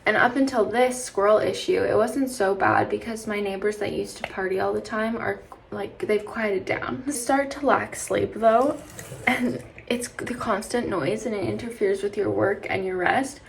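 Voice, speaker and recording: A woman's voice: mid-range voice, moderate pace, gravelly, slight background noise. A young woman from British Columbia vlogging casually to camera, tired from lack of sleep, rambling with lots of "like" and restarts. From British Columbia, Canada. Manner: chatty, rambling, frequent "like" and restarts. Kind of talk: casual vlog talk to camera.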